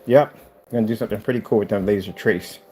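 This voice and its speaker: A man giving a fast, excited walkthrough of his studio build, then turning to fervent religious exhortation. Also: lowish voice, soft background music. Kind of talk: excited casual vlog, then preaching.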